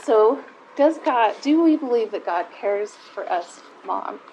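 A woman's voice: fairly high pitch, lively intonation, slow, darkish tone, slight background noise, rough recording. A middle-aged woman giving a heartfelt, conversational personal talk to a live group of mothers, close to tears at times.

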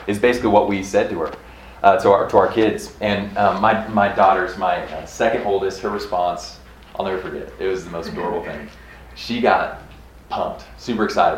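A man in his thirties from Kansas giving a casual, earnest church talk, chatty and quick to laugh, often restarting his sentences. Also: lowish voice, a little hiss or hum. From Kansas, USA. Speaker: church speaker teaching on revival history. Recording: roomy echo, faint room ambience.

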